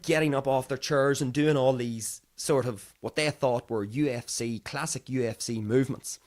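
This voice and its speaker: This young Irish podcast host has a medium-pitched, slightly mellow voice, speaking at a moderate pace with few pauses. He chats casually about the news, drifting off topic, in a digressive solo commentary where he acts out other people's voices.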